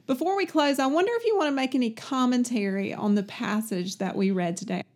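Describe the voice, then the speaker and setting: A woman interviewer with a slightly high voice wraps up the conversation. She speaks politely and invites her guest to add a last comment. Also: fairly quick, a little mellow. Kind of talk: closing question in a church interview.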